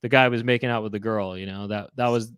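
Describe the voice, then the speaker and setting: A man's voice: lowish voice, fairly even intonation, fast talker, fairly bright tone, clean tone, dry recording. A man in his forties co-hosting a casual chat show, telling stories in a rambling way that keeps cutting itself off. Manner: rambling, self-interrupting storytelling. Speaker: co-host.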